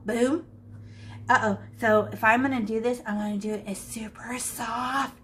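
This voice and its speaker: A woman's voice: a little high, fairly even intonation, normal speed, noisy background. A woman art teacher demonstrating shading, chatting playfully and thinking aloud as she draws. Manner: chatty, playful, talks to herself while drawing. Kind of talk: live drawing lesson demonstration. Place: classroom.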